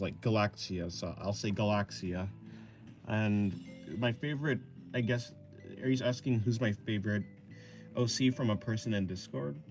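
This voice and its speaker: A young man streaming his drawing, chatting casually with his viewers in a rambling, hesitant way full of fillers and soft laughs. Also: on the low side. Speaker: art streamer. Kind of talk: casual chat answering a live chat.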